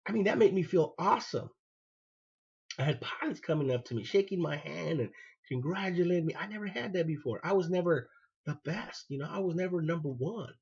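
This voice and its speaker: Husky guy telling his own story on his show, gets animated doing everyone's lines, kinda muffled audio. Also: a little high, fairly quick. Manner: animated, acts out quoted dialogue. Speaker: podcast host, former Marine. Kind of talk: personal storytelling monologue.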